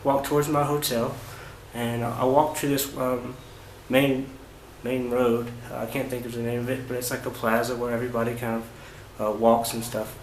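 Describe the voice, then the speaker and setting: A man vlogging about his travels, recounting events in a casual, halting way with many fillers and restarts. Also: medium pitch, flat delivery. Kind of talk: casual first-person storytelling. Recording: roomy echo with faint ambient noise.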